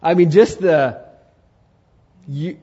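Young male pastor in his twenties, warm dark tone, preaching with big swings in volume, slightly muffled recording. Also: a little high, slow pace, breathy edge. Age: 20s. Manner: animated storytelling, swings from loud to hushed. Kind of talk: sermon.

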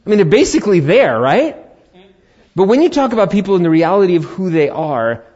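In a dull lo-fi recording, a middle-aged pastor whose voice sits high recounts something from his own life mid-sermon. He talks fairly quickly, chatty and lively, performing the conversations as he goes.

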